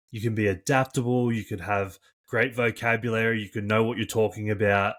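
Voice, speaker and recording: Chatty, lively man, lowish voice. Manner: chatty storyteller, animated, lots of "like" and swearing. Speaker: podcast co-host and coach. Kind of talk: casual podcast chat.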